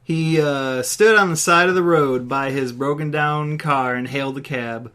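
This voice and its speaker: A man's voice: a little high, measured pace, sharp tone, clear, resonant tone. A man hosting a podcast, reading his own comedic story aloud and laughing at his own jokes.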